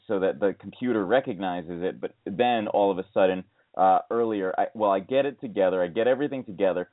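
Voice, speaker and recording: A man co-hosting a casual talk show, telling rambling stories with many restarts and exasperated outbursts, speaking into earbud headphones. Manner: rambling storyteller, many restarts, rising to high exasperated pitch. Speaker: radio co-host. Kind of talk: casual podcast chat. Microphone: iPhone earbud headset mic. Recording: tinny phone-like dry sound.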